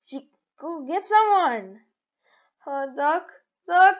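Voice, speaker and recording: A woman giving casual game commentary as a channel host, excitable and giggly, teasing the other players. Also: high-pitched, takes it slowly. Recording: dull lo-fi audio.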